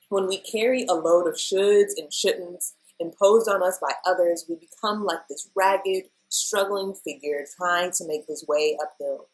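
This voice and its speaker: A woman's voice: fairly low pitch, a little slow, hardly any pauses, poor audio. Chatty woman giving a tarot reading. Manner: chatty, emotional, addresses viewers as y'all. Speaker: tarot reader. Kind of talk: casual weekly tarot reading.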